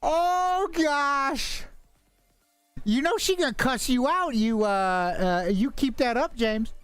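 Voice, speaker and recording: A man's voice: very high voice, expressive, slow pace, a bit bright, clean tone, no room sound, faint music behind. A man running a tabletop game over voice chat, joking and swearing, stalling with lots of uh's. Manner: profane, joking, hesitant with many fillers. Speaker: game master. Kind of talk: casual tabletop game narration.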